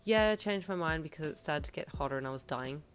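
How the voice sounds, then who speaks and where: A woman reading aloud, voicing a guarded, deadpan young woman. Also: sits low, fast talker, soft background music. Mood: flat. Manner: flat, deadpan.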